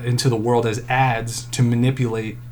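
A man's voice: medium pitch, level tone, normal speed, darkish tone, slight background noise. A man co-hosting a podcast, talking loosely and rambling, swearing casually. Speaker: podcast co-host.

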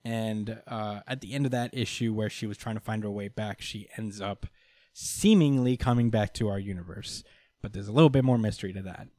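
A man's voice: fairly low pitch, fairly quick, darkish tone, dry recording, studio quality. A man casually recapping a comic book story, full of fillers, laughter and swearing. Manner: laughs often, many fillers, swears freely. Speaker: podcast host.

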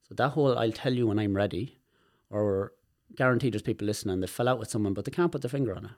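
An Irish man, a guest on a podcast, telling personal stories in an animated way and swearing freely. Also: lowish voice, fast talker. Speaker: guest, movement specialist. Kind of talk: podcast conversation.

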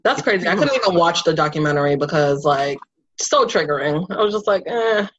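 A woman's voice: low-pitched, lively intonation, a little fast, fairly bright tone, breathy edge. Giggly woman interviewer, lo-fi sound. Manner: giggly and enthusiastic. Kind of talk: casual chat. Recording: dull lo-fi sound.

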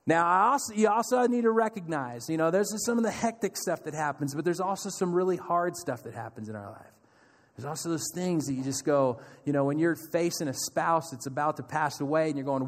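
Animated high-voiced male pastor. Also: normal speed, big-room sound. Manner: animated, acts out panicked voices and a calm soft reply. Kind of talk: sermon.

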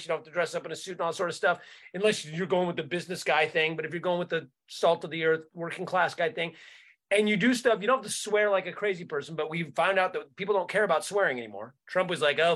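High-voiced man in a profane rant. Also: a bit bright. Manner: profane, repeats words while searching for them, restarts often. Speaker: comedian podcast co-host. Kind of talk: casual political rant.

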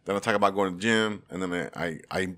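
A man chatting casually as a comedy host, telling animated stories, acting out quotes and laughing often. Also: low voice, fast. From Salvadoran family roots. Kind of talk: casual podcast chat.

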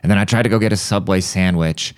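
A man with a very low, smooth voice rambles through comic stories on his podcast, swearing freely and mimicking music with his mouth. The recording is dry and close, with no room sound. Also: fast talker, dry recording. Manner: profane, rambling, breaks into mouth-made beat sounds. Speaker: podcast host. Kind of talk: casual comedic storytelling. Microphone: studio podcast mic.

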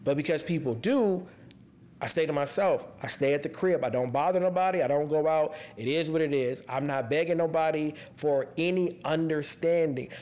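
A man with a slightly higher voice than most men talks alone on his podcast in a loose, conversational way. He is candid and raw, and his speech catches and restarts as the subject weighs on him. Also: darkish tone. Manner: raw, candid, emotionally heavy; casual and conversational, restarts when upset. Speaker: podcast host. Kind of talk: personal monologue on mental health.

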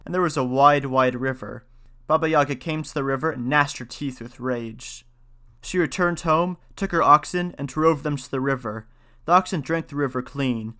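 Brief: male storyteller and lecturer, measured narration. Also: mid-range voice, pushed and bright. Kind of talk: folktale reading, then casual lecture.

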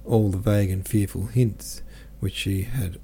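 A man reading a classic novel aloud as an audiobook narrator, in a measured, even storytelling manner. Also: fairly low pitch, slight background noise. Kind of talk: scripted literary narration.

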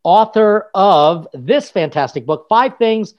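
A man's voice: high-pitched, animated, highs cut off. A man, a priest, hosting a casual interview show in an upbeat, joking manner. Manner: upbeat, jokey, quick asides. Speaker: priest and podcast host.

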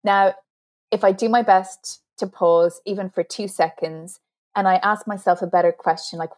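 A woman's voice: medium pitch, fairly even intonation, moderate pace, darkish tone. A woman author as an interview guest, explaining communication skills earnestly and laughing at herself now and then. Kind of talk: interview conversation.

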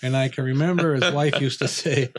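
A man's voice: medium pitch, steady tone, fairly quick, a little hiss or hum. A man telling a long hunting anecdote in a folksy, rambling way, with frequent restarts. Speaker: guest storyteller. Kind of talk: casual anecdote.

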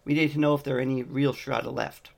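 A man's voice: mid-range voice, little pitch movement, fast talker, creaky. A man reading a fantasy novel aloud, voicing the dialogue lightly in his own voice. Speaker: audiobook reader.

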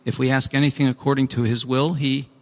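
A man preaching a sermon, animated and acting out pleas, with frequent restarts. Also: medium pitch, fast. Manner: animated, acts out pleading voices, restarts often. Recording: long hall reverb.

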